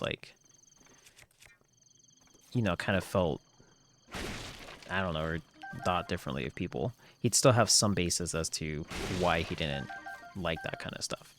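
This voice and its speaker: A man's voice: sits low, fairly bright tone, a little hiss or hum. A man chatting on a live gameplay stream, rambling with lots of filler words and frequent laughs. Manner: laughs often.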